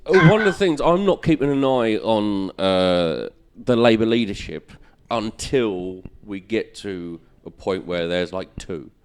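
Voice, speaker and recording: A man's voice: fairly low pitch, lively intonation, measured pace, clean tone. Ranting sweary man. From England. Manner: blunt, profane, ranting. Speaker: comedian and podcast host. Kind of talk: sweary political chat.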